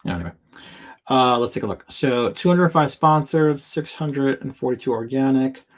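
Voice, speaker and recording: A man's voice: medium pitch, lively intonation, normal speed. A man hosting a live show, reading viewers' product listings aloud in fragments and giving candid, chatty feedback with asides and jokes. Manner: reads on-screen text aloud in fragments. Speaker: host reviewing product listings.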